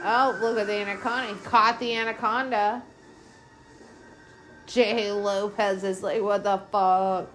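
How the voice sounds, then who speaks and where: A woman's voice: medium pitch, fairly even intonation, measured pace, long pauses, fairly bright tone, faint music behind. A woman podcast host giving casual movie commentary, swearing a lot and ranting in an exasperated, sarcastic way.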